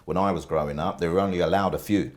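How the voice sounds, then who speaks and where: Low-voiced man, reflective. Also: fairly even intonation, fast talker. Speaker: panel guest. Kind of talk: panel discussion.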